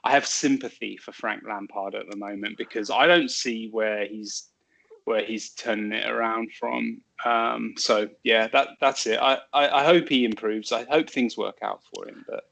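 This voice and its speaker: A man co-hosting a casual football podcast, telling stories in a lively way with quick asides. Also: on the low side, gravelly. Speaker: podcast co-host.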